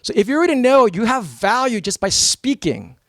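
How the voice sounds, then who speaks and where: An American man from New York giving a blunt, energetic talk to a live seminar audience as a motivational speaker. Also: very high-pitched, a little fast, no room sound. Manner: energetic, blunt and emphatic, with mock voices.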